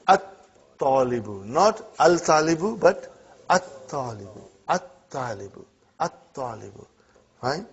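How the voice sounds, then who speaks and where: Muffled slow teacher drilling a class. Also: male voice, fairly high pitch, gravelly, darkish tone, husky. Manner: checks in constantly with students; repeats words slowly to drill pronunciation. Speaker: Arabic teacher. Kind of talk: classroom lesson.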